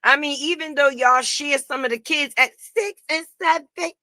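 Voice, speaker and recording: A woman hosting a casual gossip commentary stream, profane and animated, talking straight to her viewers. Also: high voice, normal speed, no room sound, clean studio sound. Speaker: host.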